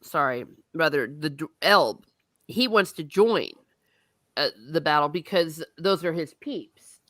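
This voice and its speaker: A woman's voice: low voice, lively intonation, measured pace, fairly bright tone, dry recording, clean studio sound. A woman hosting a casual book discussion, recapping the plot in a chatty way and swearing now and then.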